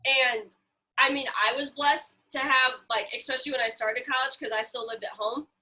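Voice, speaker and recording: A woman's voice: high voice, steady tone, moderate pace, bright, forceful tone. A young woman from Central Illinois co-hosting a podcast over a video call, chatting casually and swearing freely as she gives blunt advice. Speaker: podcast co-host. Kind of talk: casual chat.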